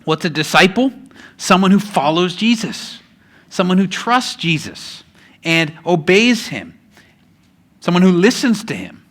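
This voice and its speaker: A male pastor giving a sermon, telling a story and slowing down for emphasis, with casual asides to the congregation. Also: high voice, very animated, a bit bright.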